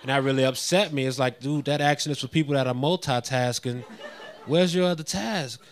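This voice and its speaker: A man in his thirties doing a stand-up routine on stage, mostly deadpan, working up into indignant rants. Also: mid-range voice, fast talker, noisy background. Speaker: stand-up comedian. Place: live comedy venue with an audience.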